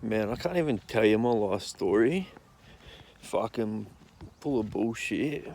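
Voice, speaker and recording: A man's voice: on the low side, darkish tone. A young man with an Australian accent telling rambling, profane anecdotes in a blunt, casual way. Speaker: storyteller.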